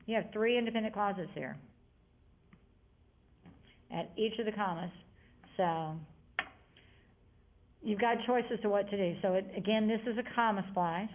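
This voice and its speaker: A woman's voice: medium pitch, measured pace, pauses often. A woman teacher giving a grammar lesson to a class, chatty and prone to rambling asides as she explains. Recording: tinny lo-fi classroom audio.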